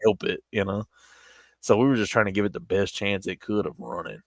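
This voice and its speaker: A man's voice: lowish voice, steady tone, a little fast, no echo, clean studio sound. A man with a Southern US accent telling a long casual story on a stream, rambling with restarts.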